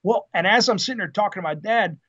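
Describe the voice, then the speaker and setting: A man in his fifties, a retired Marine officer being interviewed, telling anecdotes in a lively, casual way with fillers and laughs. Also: high-pitched, fast talker. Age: 50s. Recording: dull lo-fi podcast audio.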